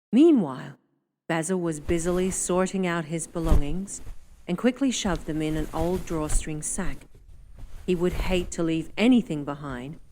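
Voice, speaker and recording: A woman narrating an audiobook in a measured, descriptive way. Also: on the low side, a little mellow, slight background noise. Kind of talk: scripted narration.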